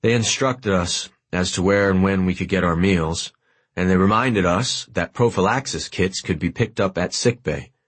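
Deep husky male audiobook narrator. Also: moderate pace. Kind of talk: scripted narration of a war memoir.

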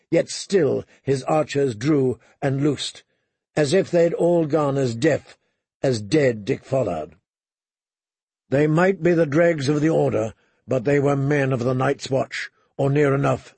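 A man narrating a dramatic audiobook, measured, sinking to hushed low tones for tension. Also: gravelly, husky, dry recording.

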